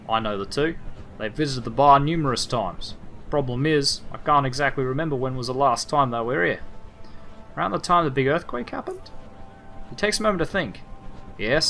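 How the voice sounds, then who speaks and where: A brash Australian barman with an exaggerated drawl, as a man puts him on. He sounds bright and lively, and tacks a friendly "mate" onto his lines. There is faint music behind him. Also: mid-range voice. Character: boastful male bartender, Australian, brash.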